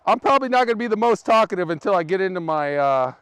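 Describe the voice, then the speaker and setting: A high-pitched, expressive man talks fast while hosting a casual live vlog outdoors, laughing and chatting with viewers in freezing wind and snow. His voice is a bit bright and smooth, captured with no echo by a camera on a tripod.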